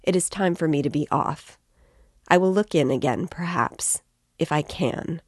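A woman reading the lines of a brisk, self-assured male doctor who speaks offhandedly. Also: low-pitched, a little mellow, no echo, studio quality.

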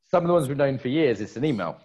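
A man's voice: medium pitch, expressive, fast talker, darkish tone. A man co-hosting a conference, chatting casually with playful, joking asides. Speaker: conference co-host. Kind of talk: casual chat. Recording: dull lo-fi sound.

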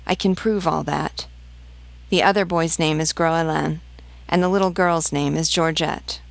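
A woman's voice: low-pitched, fairly even intonation, moderate pace, gravelly, no echo. A woman reading the part of a desperate peasant mother hunting for her stolen children, pleading and insistent.

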